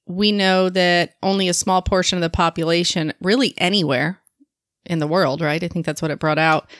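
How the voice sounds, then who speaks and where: A woman's voice: fairly low pitch, steady tone, moderate pace, a bit bright, dry recording, clean studio sound. A woman co-hosting a casual podcast, friendly and conversational, often ending her points with a questioning "right?". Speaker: podcast co-host.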